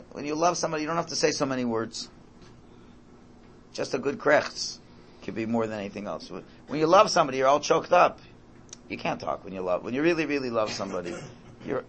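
A man's voice: on the high side, gravelly, a bit bright, slightly rough. A man teaching an informal Torah class, emphatic, repeating his phrases and mixing in Hebrew and Yiddish terms.

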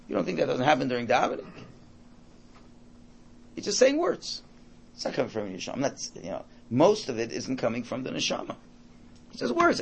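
A man's voice: mid-range voice, slight background noise. A man giving an informal Torah class in a conversational way. He repeats words while thinking aloud and mixes in Hebrew and Yiddish terms. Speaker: Torah teacher.

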